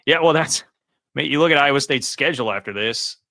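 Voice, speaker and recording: Bright, dry-sounding male sports host. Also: medium pitch, brisk, no room sound. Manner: relaxed, conversational, many fillers. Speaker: podcast host. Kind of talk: casual sports talk.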